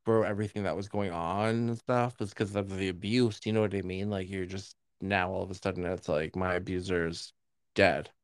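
A man's voice: low voice, steady tone, moderate pace, clear, resonant tone, no room sound, clean studio sound. A man co-hosting a podcast in casual chat, supportive and chiming in with short replies. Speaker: podcast co-host.

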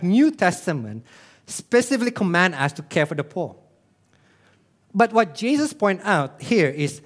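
A male pastor, preaching a sermon in a church, animated, with rhetorical questions and sudden drops to a hush. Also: high-pitched.

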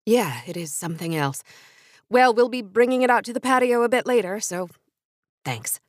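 A woman's voice: fairly high pitch, animated, moderate pace, no room sound, clean studio sound, natural voice. Tired brusque waitress, narrator voicing her, brushes you off, bouncy tone.

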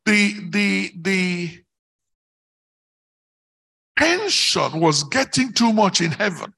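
A man preaching a sermon, slow and declamatory, rising into emphatic shouts on key words. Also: sits high, big pitch swings, vocal fry, slightly rough.

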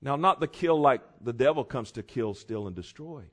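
Male preacher, sermon delivery, anecdotal, builds to emphatic loud peaks. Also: mid-range voice, expressive, normal speed.

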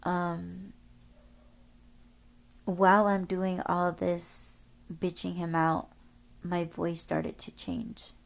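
A woman's voice: fairly low pitch, monotone, drawn-out words, vocal fry, long pauses. A woman podcast host telling a story casually, rambling, swearing often and using lots of filler words.

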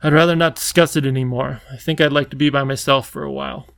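A man voicing a lonely, eager male creature king, the Wangdoodle, who lisps and talks excitably. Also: medium pitch, quick pace, creaky. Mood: dejected. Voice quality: lisping. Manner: excitable, bouncy, pleading.

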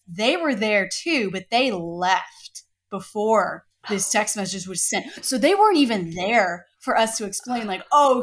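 A woman's voice: medium pitch, slight background noise. A woman, co-hosting a podcast and telling a story casually, full of "like" and "you know". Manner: animated, peppered with "like" and "you know". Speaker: podcast co-host.

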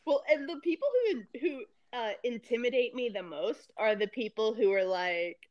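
A woman's voice: a little high, moderate pace, a little mellow, dry recording, lo-fi sound. A young woman co-hosting a podcast, chatting in a laid-back, amused way and laughing easily. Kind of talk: casual chat.

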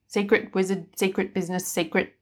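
A woman's voice: medium pitch, little pitch movement, brisk, lightly acted. A woman voicing a small, twitchy, frantic man who is a wizard, talking in a jittery, clipped way.

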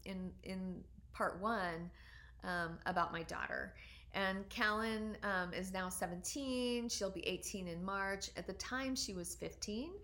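A woman in her forties, a doctor, telling a personal story in an earnest, reflective way with frequent pauses and ums. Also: mid-range voice, bright, forceful tone.

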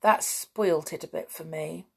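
A woman reading the part of a timid young girl in a storybook, soft-spoken and worried. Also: low voice, measured pace, gravelly, husky, full character voice. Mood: anxious. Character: timid young girl Anne, gentle and anxious.

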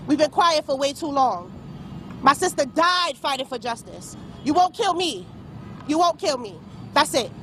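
A woman's voice: high-pitched, animated, normal speed, noisy background. A woman giving an angry, impassioned statement outdoors, insistent and repeating her demands. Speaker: protester speaking to press.

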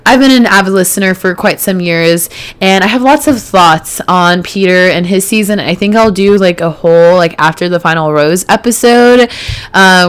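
Chatty young woman with a smooth voice. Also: medium pitch. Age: early 20s. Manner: chatty, heavy on fillers, gets animated retelling drama. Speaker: podcast host. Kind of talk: casual solo podcast chat.

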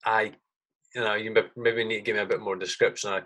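A man's voice: on the low side, level tone, quick pace, fairly bright tone, low-quality recording. A man from Britain hosting a podcast with an army comrade, talking in a loose, rambling way and swearing freely. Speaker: podcast host. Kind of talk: casual chat.

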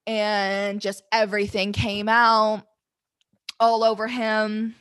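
A woman's voice: medium pitch, monotone, slow, a bit bright, smooth. A young woman telling a candid, rambling story to the camera, flustered and close to tears, swearing freely.

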